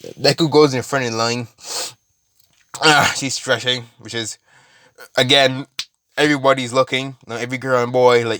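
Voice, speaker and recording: A man's voice: medium pitch, steady tone, moderate pace, long pauses, bright, forceful tone, dry recording, studio quality. Rambling man telling a fan story. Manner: rambling, profane, many fillers and restarts. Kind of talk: casual retelling of a fan story.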